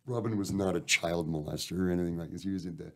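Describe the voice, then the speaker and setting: Man, Canadian accent, very low voice, rambling, profane, radio guest. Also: fairly even intonation, quick pace, a little mellow. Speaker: band member guest. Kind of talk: casual storytelling interview.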